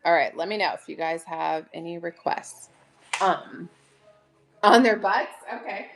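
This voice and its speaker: A middle-aged woman hosting a chatty live selling stream, bubbly and greeting viewers by name with excited gasps. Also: lowish voice, measured pace, gravelly.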